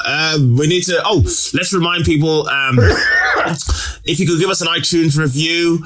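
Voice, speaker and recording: A man's voice: fairly high pitch, a little slow, bright, forceful tone. A man co-hosting a podcast in casual chat over a video call, laid-back and laughing often. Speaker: podcast co-host. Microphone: remote video call.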